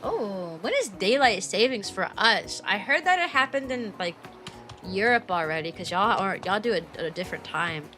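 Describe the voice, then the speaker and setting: A woman's voice: medium pitch, animated, moderate pace, bright, forceful tone, soft background music. A young woman, chatting casually on a stream in a bubbly, rambling, playful way.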